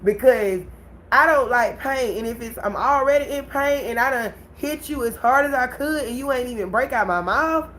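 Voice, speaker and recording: A woman hosting a casual livestream, telling a story to her viewers in an animated way and laughing often. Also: high voice, moderate pace, a little hiss or hum, low-quality recording. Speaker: livestream host.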